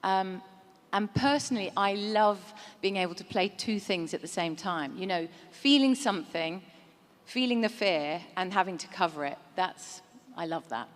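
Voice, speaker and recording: A woman actor on a fan-convention panel, speaking earnestly with halting restarts and laughing as she tells stories. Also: medium pitch. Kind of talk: reflective panel talk. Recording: reverberant convention hall.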